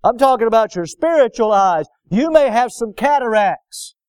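Man, preacher, high voice, dry close sound, emphatic call-and-response delivery. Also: lively intonation, normal speed, darkish tone, clean tone, no echo. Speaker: pastor. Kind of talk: sermon.

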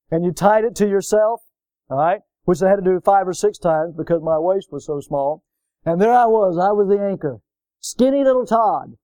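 A man preaching a sermon, folksy and animated, telling stories and checking in with "all right?". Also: high voice, no echo. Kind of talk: sermon with storytelling.

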